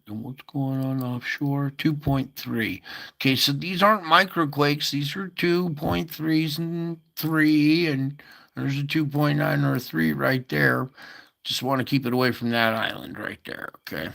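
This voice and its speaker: A man's voice: medium pitch, unhurried, vocal fry, fairly bright tone. A man hosting a casual earthquake update, thinking aloud over maps with many fillers and asides. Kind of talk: casual screen-share commentary.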